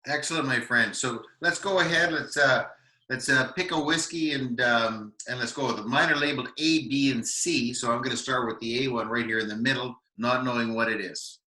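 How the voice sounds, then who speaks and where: Canadian dude gushing over whisky, bright sharp voice, lots of ums, roomy echo. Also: male voice, mid-range voice. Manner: enthusiastic, halting with many fillers. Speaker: co-host of a whisky tasting show. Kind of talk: casual tasting chat.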